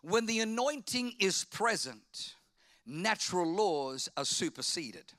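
Fervent high-voiced preacher. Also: male voice, big pitch swings, takes it slowly. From Australia. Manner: fervent, repeats phrases and swings from loud to hushed. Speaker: pastor. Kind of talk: sermon.

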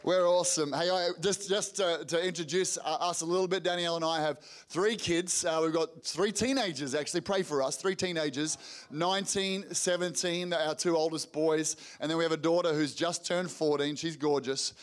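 A middle-aged man preaches to a congregation in a high, bright voice. He tells family stories energetically, stumbles and restarts, and acts out what people said. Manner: energetic storytelling with rapid restarts and acted-out quotes. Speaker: pastor. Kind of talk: sermon storytelling. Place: church hall before a congregation.

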